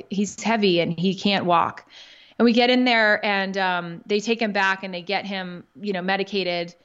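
A woman in her thirties talks openly and emotionally with a lowish voice, sometimes swearing along the way. The audio is muffled and lo-fi, like an older podcast feed. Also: a bit bright. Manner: candid, emotional, swears casually. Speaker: podcast guest. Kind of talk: personal storytelling in conversation. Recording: dull lo-fi audio.

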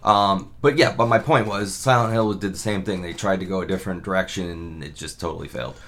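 A man's voice: sits low, fast talker, a bit bright. A man co-hosting a podcast, bantering loosely, rambling with restarts and frequent laughs. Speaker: podcast co-host. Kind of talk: casual banter.

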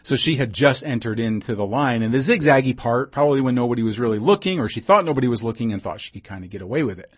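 A man recounting something he saw, talking casually with fillers and little asides. His voice sits at an ordinary middle pitch. The recording sounds a bit dull and lo-fi. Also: animated, fast, hardly any pauses, breathy edge. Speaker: storyteller. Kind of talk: personal anecdote monologue.

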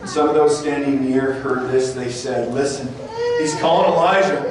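A man preaching a sermon and reading scripture aloud, his voice climbing high and loud for the mockers and dropping low and quiet for the somber moments. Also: fairly even intonation, normal speed, hardly any pauses. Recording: distant mic in a very echoey room with faint noise.

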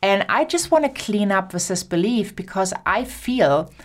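A woman's voice: medium pitch, animated, moderate pace. A woman with a German accent hosting her own podcast, talking alone to listeners in an upbeat, encouraging way and stretching words for emphasis. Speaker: podcast host. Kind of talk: solo podcast monologue.

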